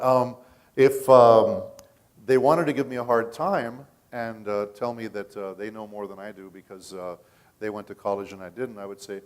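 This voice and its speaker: This is casual panel talk from a middle-aged voice actor at a convention, with a medium-pitched voice. He chats and tells stories, checking in with the audience often.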